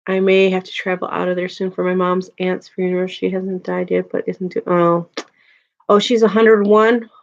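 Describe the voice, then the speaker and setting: A woman's voice: on the low side, little pitch movement, moderate pace, creaky, muffled recording. A woman, chatting casually with her viewers, laughing often and using lots of filler words. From Chicago, USA. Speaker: livestream host. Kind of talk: casual chat reading viewer comments.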